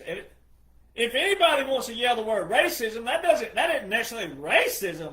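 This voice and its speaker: A man hosting his own show, giving an opinionated, scornful monologue that swings from low mutters to loud outbursts. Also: sing-song, normal speed. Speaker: political commentator host. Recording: echoey room.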